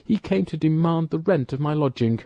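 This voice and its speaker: A man reading an audiobook, voicing a bold, quick-witted young male musketeer who talks in a commanding, brisk way. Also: on the high side, mellow, dry recording, highs cut off, voice pushed up, lightly acted.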